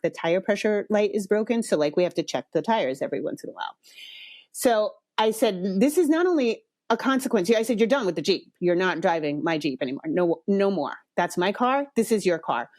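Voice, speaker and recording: A woman's voice: medium pitch, darkish tone, dry recording, studio quality. A middle-aged woman hosting a podcast, telling a story in a frank, blunt way with some swearing. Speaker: podcast host. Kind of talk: casual storytelling monologue.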